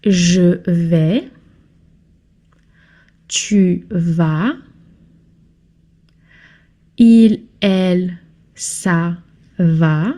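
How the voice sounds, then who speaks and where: A woman teaching a French lesson in English, speaking slowly and patiently and repeating phrases for her learners. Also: lowish voice, steady tone, mellow. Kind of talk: slow classroom lesson.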